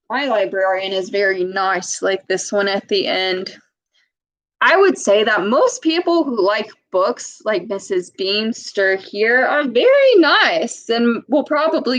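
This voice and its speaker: A woman reading a storybook to children and leading a speech lesson, modeling sounds slowly and patiently with exaggerated emphasis. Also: medium pitch, a bit bright, dry recording, poor audio.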